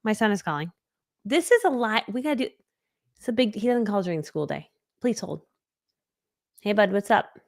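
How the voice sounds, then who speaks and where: A woman in her forties, a business coach, chatting excitedly and rambling through a casual live training from her home office. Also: medium pitch, moderate pace, long pauses, no room sound, clean studio sound.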